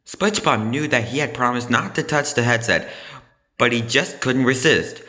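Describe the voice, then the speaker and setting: A man reading a children's storybook aloud, in a plain, measured way with small slips. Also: medium pitch, expressive, bright, forceful tone.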